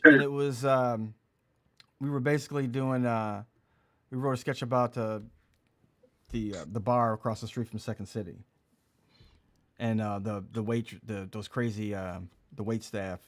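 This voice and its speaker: A man's voice: medium pitch, steady tone, normal speed, a bit bright. A male comedian hosting a comedy podcast, reminiscing in an easygoing way with lots of fillers and laughs. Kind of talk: casual comedy podcast chat.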